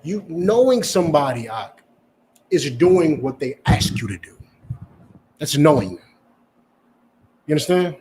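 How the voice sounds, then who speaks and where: A man's voice: fairly high pitch, sing-song, measured pace, long pauses, noisy background. A male preacher giving a confrontational sermon, lecturing in a profane style and asking "You understand?" again and again. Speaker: preacher and teacher.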